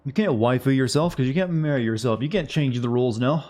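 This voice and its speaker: A man streams a video game with casual, rambling commentary, tossing joking asides to his chat as he plays. His mid-range voice is fast, with a darkish tone.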